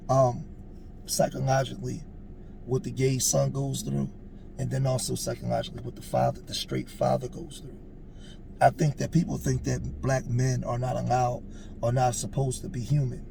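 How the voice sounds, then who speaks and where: A man's voice: medium pitch, gravelly, noisy background. A man in his forties telling a personal story in a casual, earnest way, with emphatic, preachy asides. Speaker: storyteller on a street interview show.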